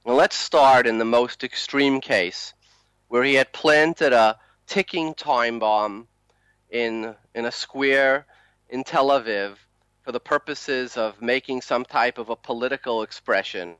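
Male talk host, earnest and measured, mid-pitched voice in a dry, close sound. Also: a bit bright, clean tone, no room sound. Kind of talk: hosting a talk program.

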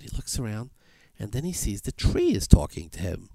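A man preaching a sermon and telling a fable, animated, with sweeping emphatic rises in his voice. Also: fairly low pitch, fairly quick, vocal fry, no echo. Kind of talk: sermon with storytelling.

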